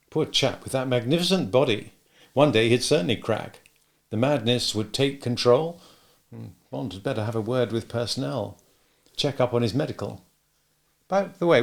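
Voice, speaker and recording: Guy reading an audiobook, gravelly voice, mid pitch, steady and measured. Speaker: audiobook narrator. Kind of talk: audiobook narration.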